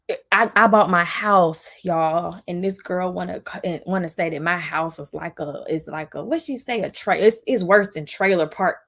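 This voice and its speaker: A woman's voice: lowish voice, fairly bright tone. Heated woman ranting on a livestream. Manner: heated, fast, repetitive venting with frequent restarts. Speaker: vlogger on a livestream. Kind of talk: emotional livestream rant.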